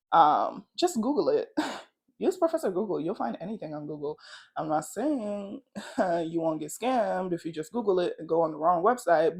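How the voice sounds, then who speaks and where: A woman's voice: sits low, creaky, darkish tone, slightly rough, dry recording, clean studio sound. A young woman chatting casually in a home vlog, rambling, restarting her sentences and giggling often. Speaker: vlogger. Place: home, indoors.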